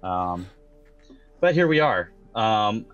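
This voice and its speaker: A man with a fairly low voice runs a tabletop game over a voice call. He is relaxed and blunt, dropping curses with easy laughter. The call audio is dull and lo-fi, with soft music underneath. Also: slow pace. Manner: laid-back, swears and laughs freely. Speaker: game master. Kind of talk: casual tabletop game talk.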